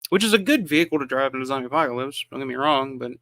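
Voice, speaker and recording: A man's voice: medium pitch, lively intonation, very fast, sharp tone, no room sound. A man from the American South hosting a live watch-along, giving casual film commentary with lots of restarts and fillers. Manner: rambling, frequent restarts and fillers. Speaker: live stream host.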